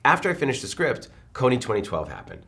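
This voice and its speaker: Animated fast-talking guy, film director doing a press interview, acts out quotes. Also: medium pitch, gravelly. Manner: animated, quick storytelling with acted-out quotes.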